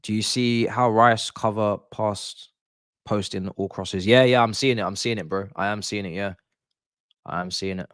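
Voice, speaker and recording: A young man, doing excited, slangy live commentary for a football watch-along stream, repeating himself as he reacts. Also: lowish voice, moderate pace, no echo, clean studio sound.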